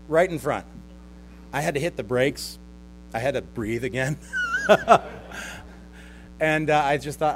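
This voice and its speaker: A man's voice: fairly high pitch, expressive, moderate pace, pauses often, a little hiss or hum. Chuckling man preaching a sermon. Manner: conversational, with mocking sarcastic impressions and chuckles. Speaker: pastor. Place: church service with a live congregation.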